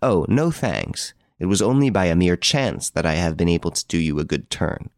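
A man reading as a suave, mocking gentleman thief. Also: low voice, very animated, normal speed, no echo, studio quality. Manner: cool, commanding and ironic.

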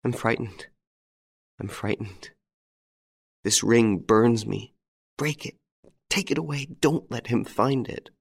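A man reading aloud, voicing a frightened young wife who pleads in a higher, breathless voice. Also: measured pace, long pauses, no room sound.

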